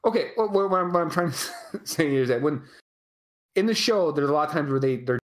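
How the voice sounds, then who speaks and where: Co-host voice, loose and rambling, very lively pitch, salty language, remote call mic. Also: a little fast. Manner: rambling and animated, swears freely. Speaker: podcast co-host. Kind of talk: casual live chat.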